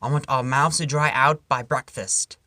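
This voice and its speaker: A channel host reading comic poems aloud in a playful, animated way, with sudden loud and whispered turns. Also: mid-range voice, normal speed, no echo, clean studio sound.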